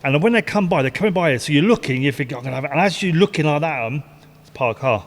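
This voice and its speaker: A man's voice: on the high side, expressive, quick pace. An older man, a retired stock car driver, telling rambling racing stories with laughs and swearing. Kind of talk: casual storytelling interview. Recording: long hall reverb.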